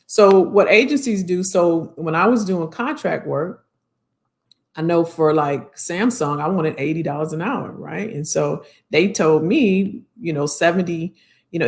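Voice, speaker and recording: A woman's voice: low-pitched, gravelly, a little mellow. A woman hosting a casual live Q&A, giving career advice in a conversational way and repeating points for emphasis.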